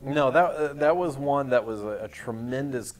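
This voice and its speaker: A man, a film festival director, reviewing short films in a casual podcast chat, talking in halting runs full of restarts. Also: medium pitch, music in the background.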